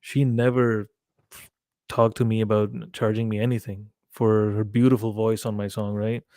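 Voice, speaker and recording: A man chatting as a podcast guest, telling a story with animated quoted dialogue and frequent swearing. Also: lowish voice, moderate pace, no echo, studio quality. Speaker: guest musician. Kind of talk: casual podcast chat.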